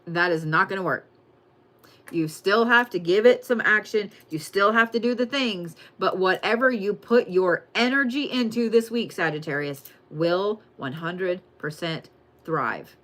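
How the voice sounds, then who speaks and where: A woman giving a casual, profane, excitable weekly zodiac reading and calling her viewers y'all. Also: medium pitch, unhurried. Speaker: tarot and astrology reader.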